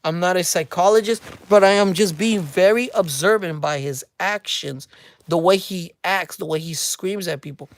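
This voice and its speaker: A woman's voice: fairly low pitch, moderate pace. A woman hosting a casual commentary rant, mocking and speculative, repeating her phrases for emphasis. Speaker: commentary channel host.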